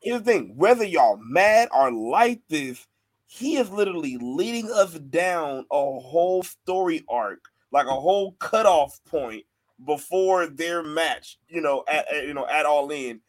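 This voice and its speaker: High-voiced excitable man, stumbling over words. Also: unhurried. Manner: excitable, stumbles and restarts when worked up. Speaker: podcast co-host. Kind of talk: casual chat.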